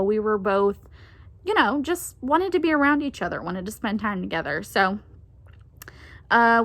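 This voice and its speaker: A woman's voice: medium pitch, fairly bright tone, dry recording. A young woman telling a story from her teens in a casual, chatty way, laughing often and acting out the voices she quotes. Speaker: vlogger.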